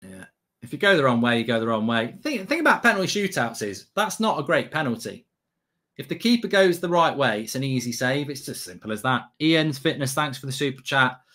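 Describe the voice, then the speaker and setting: Excitable man reacting live. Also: medium pitch, a little fast. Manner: excitable, swearing, talking to himself. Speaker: streamer reacting to football.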